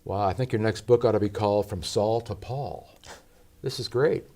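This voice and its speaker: A man's voice: fairly low pitch, normal speed, mellow. A man hosting an interview, asking follow-up questions and adding friendly remarks. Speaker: interview host. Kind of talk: conversational interview.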